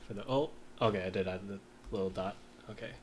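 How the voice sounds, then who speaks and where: A man in a casual study session, reading lines aloud slowly and mumbling as he writes and sounds out words. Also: lowish voice, darkish tone, a little hiss or hum. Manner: slow, mumbling while writing, sounds out words. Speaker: language learner.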